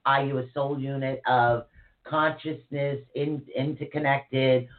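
A woman's voice: a bass voice, flat delivery, slow pace. A middle-aged woman co-hosting a casual online teaching chat, chatty and laughing as she teases. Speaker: co-host. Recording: tinny narrow-band online call audio.

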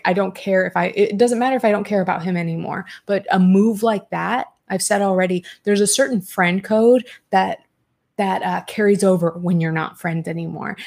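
A woman hosting a casual commentary chat, reading viewer comments aloud and talking bluntly, with swearing and quick restarts. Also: medium pitch, gravelly, a little mellow. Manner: quick, talkative, many restarts.

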